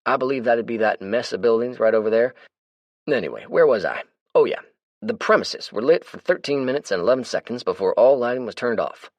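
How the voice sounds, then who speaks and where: A man voicing a chatty, brash male survivor who talks loud, cocky and folksy. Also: medium pitch, animated, brisk, no echo, voice pushed up, close to an everyday voice.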